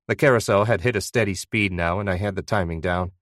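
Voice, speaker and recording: Low-voiced man narrating an audiobook. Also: fast talker, a bit bright, no echo, studio quality. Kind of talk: first-person audiobook narration.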